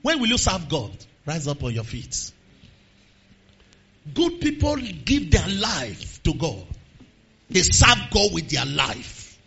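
A Nigerian man preaches in a church service, his voice high, very bright and husky. He moves between quiet, plain talk and shouted prayer, with a lively, swooping pitch. The recording sounds dull and lo-fi. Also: takes it slowly, long pauses. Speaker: pastor. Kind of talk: sermon with prayer.

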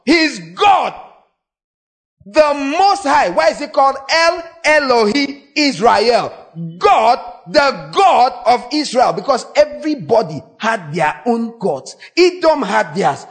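A man preaching a sermon in a dramatic, animated way, acting out quoted voices and breaking into sudden shouts. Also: very high-pitched, slow.

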